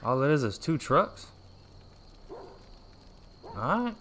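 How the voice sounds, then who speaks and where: A man giving casual, playful gameplay commentary while playing a video game, excitable and self-mocking. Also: fairly high pitch, slow, slight background noise.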